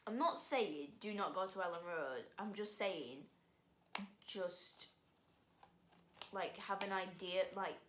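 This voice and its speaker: A woman's voice: on the low side, expressive, takes it slowly, pauses often, background noise. Rambling, chatty teenage girl vlogger. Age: teens. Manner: rambling, chatty, full of fillers and sighs. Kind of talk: casual storytelling vlog. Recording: roomy echo.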